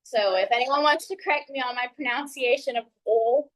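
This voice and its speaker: A woman's voice: sits high, a little fast, a bit bright, low-quality recording. A young woman with a Texan accent giving a friendly, earnest ice-breaker speech at a public speaking club. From San Antonio, Texas. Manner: friendly, earnest, laughs between points. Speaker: Toastmasters speaker.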